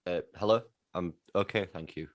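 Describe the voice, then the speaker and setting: A man with a very low voice answers in short, deadpan lines on a relaxed chat show. He says little and keeps his delivery dry. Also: normal speed. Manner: deadpan, terse. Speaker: co-host. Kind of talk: casual chat.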